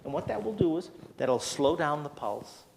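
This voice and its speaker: A man's voice: a little high, animated, moderate pace, gravelly, a little mellow, a little hiss or hum. Man teaching a breathing technique. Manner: explains step by step with frequent "okay?" checks; demonstrates breathing, coaxes audience to join. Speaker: seminar presenter. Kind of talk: health seminar talk to an audience. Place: church hall.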